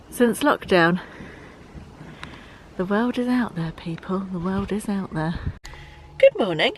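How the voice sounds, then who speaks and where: A woman's voice: medium pitch, a little hiss or hum. Chatty woman in her fifties. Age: 50s. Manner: chatty, rambling, corrects herself. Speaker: lifestyle vlogger. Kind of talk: casual vlog chat to camera. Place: at home, indoors.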